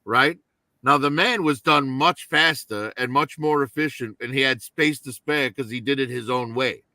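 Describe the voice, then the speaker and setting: Male co-host, bright voice, conversational storyteller who checks in with "right?". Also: medium pitch, moderate pace, no room sound. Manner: storytelling with frequent "right?" tags. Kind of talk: casual chat.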